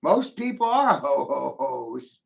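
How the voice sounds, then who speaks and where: A gravelly man drawls through a rambling, taunting monologue. His pitch swings up and down as he mocks and curses, and he laughs at his own jokes. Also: very animated, slow pace, dull audio. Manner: brash and profane. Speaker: vlogger ranting to camera.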